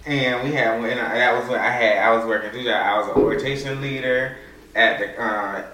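A man's voice: medium pitch, steady tone, fairly quick, pushed and bright, slight background noise. A young man co-hosting a podcast, telling stories in a casual slangy way and laughing often. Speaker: podcast co-host. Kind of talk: casual chat. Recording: roomy sound, mic at a distance.

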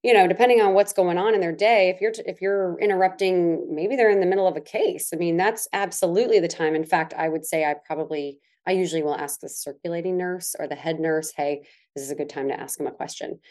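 A woman's voice: on the low side, fast, hardly any pauses. A middle-aged woman co-hosting a casual chat, telling stories with lots of laughter and playful mimicry. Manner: animated storytelling, laughs often, mimics others. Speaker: co-host.

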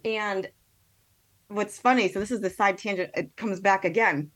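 A woman, a podcast guest, chatting casually and telling a story with quick asides and quoted thoughts. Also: medium pitch, steady tone, a bit bright. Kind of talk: casual chat.

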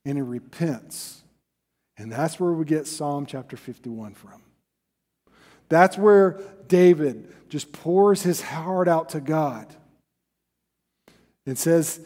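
A man's voice: a little high, takes it slowly, long pauses, a little mellow, in a large hall. A man preaching a sermon as a pastor, earnest and emphatic, repeating his key phrases.

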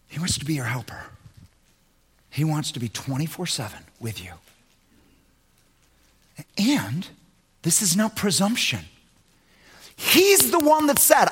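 A male pastor preaching in a husky, fairly high voice. He swings from loud, emphatic declarations down to low, quiet asides, and his pitch moves a lot as he drives each point home. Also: huge pitch swings, takes it slowly, pauses often. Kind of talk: sermon.

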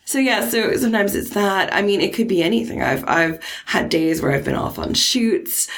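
Croaky woman coming down with a cold. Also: medium pitch, animated, normal speed, fairly bright tone. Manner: chatty, laughs often. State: hoarse from a cold. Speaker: marketing manager. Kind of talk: casual interview.

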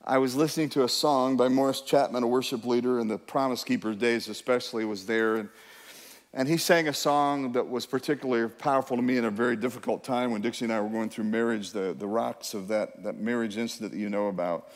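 A man's voice: medium pitch, fairly even intonation, fast talker. Preaching man in a reverberant church. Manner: emphatic preaching, urging the congregation to respond. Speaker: pastor. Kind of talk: sermon.

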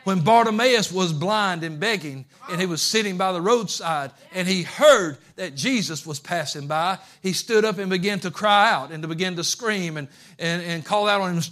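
Preacher guy, high bright voice, goes from hushed to yelling, fired up. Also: moderate pace. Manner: fervent, swings from hushed to shouting. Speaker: pastor. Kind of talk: sermon.

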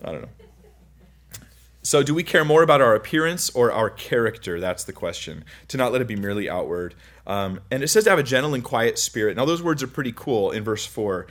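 A man's voice: mid-range voice, sing-song, brisk, a bit bright. A young man giving a casual, chatty Bible teaching, full of anecdotes and self-interruptions. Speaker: preacher.

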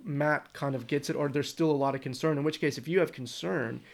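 A man's voice: a little high, fairly even intonation, a little fast, creaky. An American man in casual conversation, thinking aloud in long rambling turns full of restarts.

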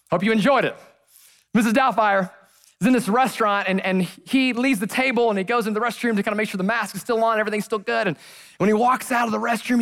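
A man preaching a sermon as a pastor before a congregation, swinging from loud to hushed. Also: high-pitched. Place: church stage before a congregation.

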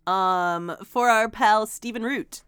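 A woman's voice: mid-range voice, slow pace, fairly bright tone. A woman co-hosting a podcast, laughing often and teasing. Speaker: podcast co-host. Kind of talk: casual podcast banter.

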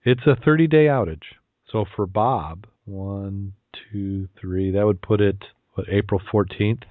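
A man hosting a podcast, chatty and quick to laugh, repeating words as he goes, between casual chat and telling jokes. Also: lowish voice, no echo. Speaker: podcast host. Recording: tinny phone-like line.

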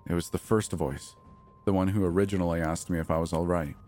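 Male horror narrator, very low voice, measured and tense delivery. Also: fairly even intonation, a little mellow. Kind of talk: scripted first-person horror narration.

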